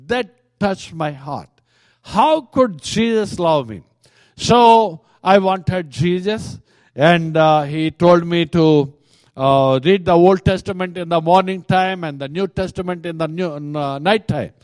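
An Indian man preaching a testimony sermon, earnest and halting, often restarting his sentences. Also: sits high, a little mellow, no room sound.

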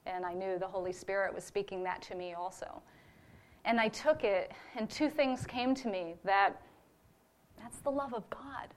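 A church member gives a personal testimony to her congregation about a ministry trip. Her voice is mid-range and moderately paced, and she speaks earnestly and from the heart, using fillers along the way.

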